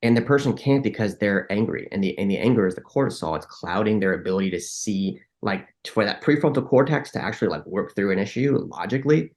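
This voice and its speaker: A man with a fairly low voice talks through ideas in a relaxed interview. He often restarts his sentences and acts out little bits of inner dialogue along the way. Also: fast talker, few pauses. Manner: frequent restarts and filler likes. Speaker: podcast guest. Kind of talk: conversational interview.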